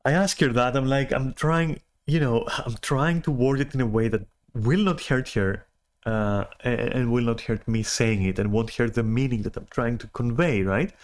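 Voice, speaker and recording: A man talking alone in a casual, unscripted vent, his voice sitting at an ordinary middle pitch. He sounds agitated and exasperated, swears freely and keeps stumbling over restarts as he tries to get his point out. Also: moderate pace. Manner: agitated, profane, exasperated rant with many restarts. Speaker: podcaster venting. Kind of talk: casual monologue venting.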